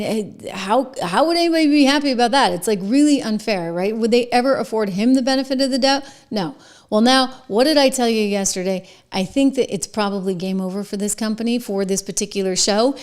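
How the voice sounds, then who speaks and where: A woman's voice: on the high side, a little mellow. A woman hosting an opinionated news commentary show, talking in an emphatic, sarcastic, conversational way. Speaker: host.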